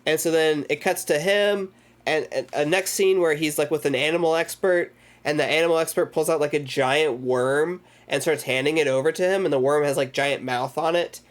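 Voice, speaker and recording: A man's voice: fairly high pitch, moderate pace. Rambling, profane man recapping a movie. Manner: rambling, profane, loose retelling with acted-out quotes. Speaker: streamer hosting a movie club. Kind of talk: casual livestream movie recap.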